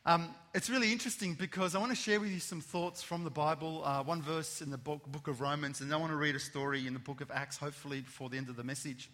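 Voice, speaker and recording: A man preaching an Easter sermon to his church, repeating key phrases with emphasis and turning quiet and low when he prays. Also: fairly even intonation, fast talker, few pauses, in a large hall. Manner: repetitive, emphatic preaching, softens for prayer. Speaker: pastor. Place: church hall.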